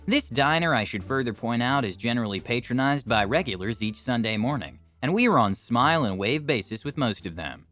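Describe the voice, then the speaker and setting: A man narrating online stories in a scripted, animated and expressive way, adding his own comments. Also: medium pitch, fairly quick, few pauses, soft background music. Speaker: story narrator.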